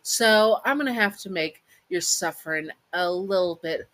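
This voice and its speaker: A woman's voice: on the low side, normal speed, a bit bright, lightly acted. A woman voicing a cruel, possessive young woman who taunts her victim with menace in a storytelling video. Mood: gleeful menace.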